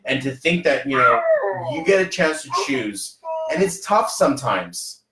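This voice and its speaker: A man hosting a podcast in a casual motivational chat, animated and fond of acting out little scenes. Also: medium pitch, measured pace, heavy background noise. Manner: animated, acts out little scenes in other voices. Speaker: podcast host. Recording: roomy echoey sound.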